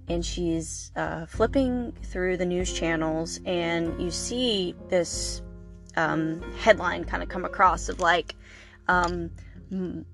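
A woman's voice: fairly low pitch, creaky. A woman hosting a podcast, recapping a horror movie in a chatty, rambling way with fillers and laughter. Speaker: podcast host.

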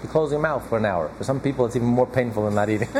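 A man leads a small study group at an even, middling pitch, pressing his points with emphatic repetition. He chuckles now and then as he explains. A faint hum sits under the recording. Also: a little fast. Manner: emphatic, repeats key phrases, chuckles often. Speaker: Torah class teacher.

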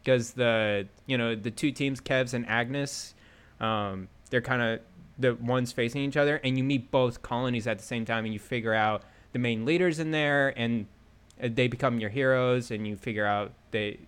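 Male co-host, mid-pitched, excitable casual gamer chatter, loose trailing sentences. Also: moderate pace, smooth. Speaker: podcast co-host. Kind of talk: casual gaming podcast chat.

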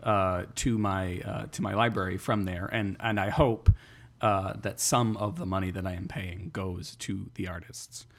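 A man co-hosting a podcast in casual chat, teasing wryly in a deadpan way with frequent hesitations. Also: low-pitched, unhurried. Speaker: podcast co-host.

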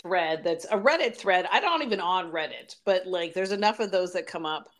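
A woman's voice: fairly low pitch, lively intonation, normal speed. A woman in a casual book talk who retells the plot and speaks the characters' lines herself.

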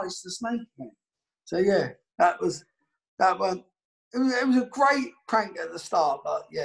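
Male ex-footballer, gravelly voice, animated, swears freely. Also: high-pitched. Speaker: former footballer guest. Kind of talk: casual anecdote telling.

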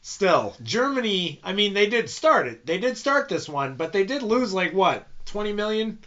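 Wry podcast co-host, bright and lively, casual profanity, dull lo-fi audio. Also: mid-range voice, normal speed. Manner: wry, argumentative, swears casually.

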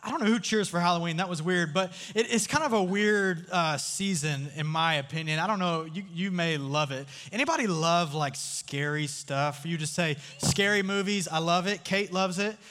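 Guy preaching to a crowd, kinda high voice, jokey and chatty, big reverby hall. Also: normal speed, hardly any pauses, a bit bright. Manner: chatty, joking, asks the crowd questions. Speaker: youth speaker. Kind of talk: casual storytelling sermon. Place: large room with a live audience.

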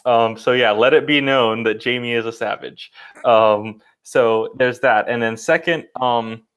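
A man talks in a relaxed, chatty way, laughing easily and filling his sentences with "um" and "you know." His pitch sits in the middle of the usual range for a man. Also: a little slow, clean tone. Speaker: podcast co-host. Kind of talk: casual podcast chat.

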